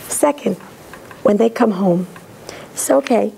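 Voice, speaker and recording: A middle-aged woman lecturing in a synagogue, talking directly and lively and acting out parents' voices. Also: a little high, fairly quick, gravelly, low-quality recording.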